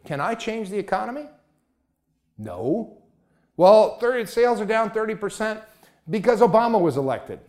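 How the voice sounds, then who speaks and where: Animated man with a high, lively voice. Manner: emphatic, rhetorical questions. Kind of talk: motivational talk.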